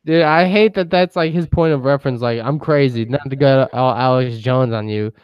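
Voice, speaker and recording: A man's voice: mid-range voice, normal speed, clean tone, dry recording, lo-fi sound. A man co-hosting a podcast in casual chat, easygoing and slangy, laughing a lot. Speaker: podcast co-host.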